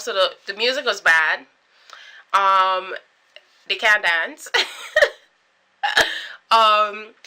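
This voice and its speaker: A young woman in her twenties with a Caribbean accent, chatting to camera in an animated, storytelling way. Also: mid-range voice. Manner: animated, chatty, full of filler likes and dramatic quoted reactions. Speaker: vlogger.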